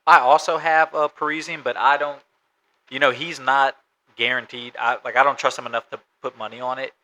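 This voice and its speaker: A man's voice: medium pitch, fairly even intonation, fairly quick, sharp tone, rough recording. A man co-hosting a casual sports podcast, matter-of-fact as he runs through stats and betting odds. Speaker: podcast co-host.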